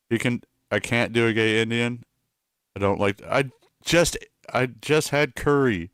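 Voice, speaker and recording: A man's voice: mid-range voice, slow pace, long pauses, fairly bright tone, clean tone, no echo, clean studio sound. A man streaming live in a casual, rambling way, reading and answering chat with self-mocking asides.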